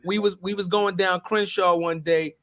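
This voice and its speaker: A man co-hosting a podcast, from New York, telling a story in a loose, profane, animated way and laughing as he goes. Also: high-pitched, moderate pace, dry recording, studio quality. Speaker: podcast co-host. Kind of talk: casual storytelling.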